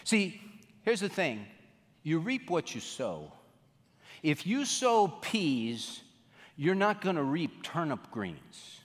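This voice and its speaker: A male pastor preaching a sermon, swinging between emphatic raised lines and hushed low drops. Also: sing-song, slow pace. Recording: long hall reverb.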